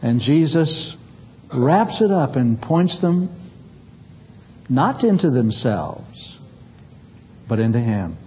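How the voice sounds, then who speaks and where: A male preacher giving a sermon in a humorous, animated way, acting out scenes. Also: medium pitch, takes it slowly, long pauses, dull audio, slight background noise.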